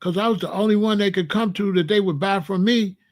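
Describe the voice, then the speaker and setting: A high-voiced show host from Chicago, USA, delivers a casual storytelling monologue at a slightly fast clip. He's animated and slangy, acting out other people's lines.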